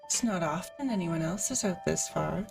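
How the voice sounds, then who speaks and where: A woman voicing a mysterious, quiet male stranger who greets politely in a game reading. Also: lowish voice, lively intonation, moderate pace, vocal fry, far from the mic, faint music behind. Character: mysterious quiet man with fiery eyes.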